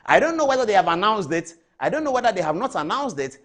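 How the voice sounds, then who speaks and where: A fast-talking, high-pitched middle-aged man with a Ghanaian English accent gives an animated, digressive talk show monologue in a chatty style.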